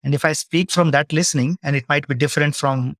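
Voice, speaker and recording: A man's voice: fairly high pitch, steady tone, quick pace, a bit bright, no echo, studio quality. A man speaking as a leadership coach, answering audience questions in a webinar and explaining his points through example dialogues.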